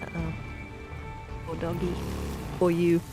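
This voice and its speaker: A woman's voice: fairly low pitch, completely flat delivery, slow pace, warm tone, faint music behind. Chatty Yorkshire woman co-hosting. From Yorkshire, England. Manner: chatty, teasing. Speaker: co-host. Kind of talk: casual stream chat, reading chat aloud.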